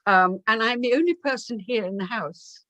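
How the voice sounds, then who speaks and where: A woman, a guest author, telling animated anecdotes on a video call and often restarting her sentences. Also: fairly high pitch, normal speed, no echo. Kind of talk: anecdotal interview talk.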